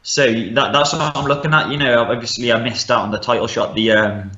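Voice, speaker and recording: A man's voice: mid-range voice, fairly even intonation, brisk, sharp tone. A young man with a Midlands English accent, a fighter talking casually in a podcast interview, laid-back and full of fillers. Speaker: MMA fighter, guest. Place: rural home in northern Scotland. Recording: echoey room, dull lo-fi sound.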